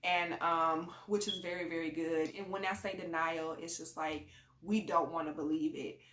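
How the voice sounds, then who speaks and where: A woman's voice: low-pitched, steady tone, normal speed, fairly bright tone. A woman talking casually in a rambling, conversational way, giving parenting advice in a vlog. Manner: chatty and conversational, rambling with fillers. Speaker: parent sharing advice on a channel. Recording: echoey room.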